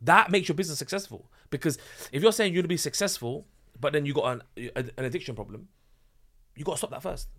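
A man who is a business founder and guest on a podcast, talking in a fervent, animated way and restarting his sentences often. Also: on the high side, quick pace. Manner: animated and fervent, many restarts, rising sharply when excited. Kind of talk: casual podcast conversation.

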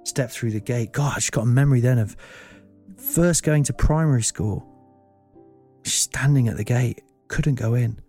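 A man's voice: medium pitch, moderate pace, warm tone. Brief: male comedian-host, middle-aged, self-deprecating rambling monologue, faint music bed. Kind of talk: comic monologue.

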